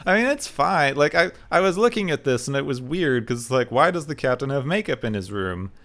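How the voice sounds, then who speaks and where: A man hosting a podcast in casual chat, recapping an episode in a wry, steady way. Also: medium pitch, moderate pace. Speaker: podcast host.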